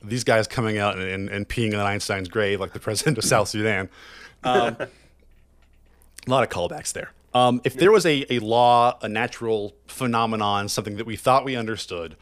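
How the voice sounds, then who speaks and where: Low-voiced male co-host, loose rambling storyteller, chatty. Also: normal speed, fairly bright tone, no room sound. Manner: rambling, repeats words, laughs while talking. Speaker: podcast co-host. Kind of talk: casual chat, telling a joke.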